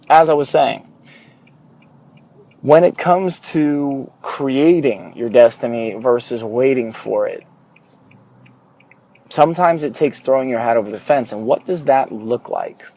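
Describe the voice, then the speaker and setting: A man's voice: mid-range voice, unhurried, long pauses, dark tone. A young man hosting a podcast, talking earnestly and candidly while driving to work, with a curse now and then. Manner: earnest, candid, occasional swearing. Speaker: podcast host. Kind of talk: casual solo podcast monologue. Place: car on a morning commute.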